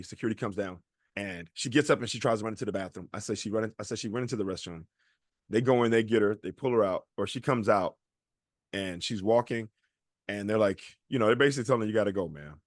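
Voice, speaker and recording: A man's voice: lowish voice, dry recording, clean studio sound. A man co-hosting a podcast, telling a long story in a casual chat and acting out the people he quotes. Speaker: podcast co-host.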